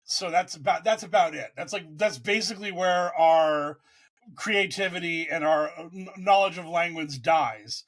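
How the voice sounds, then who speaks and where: A man's voice: a little high, moderate pace. A man co-hosting a casual sports podcast, rambling and profane as he tells stories. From United States. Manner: rambling, profane, animated storytelling. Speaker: podcast co-host.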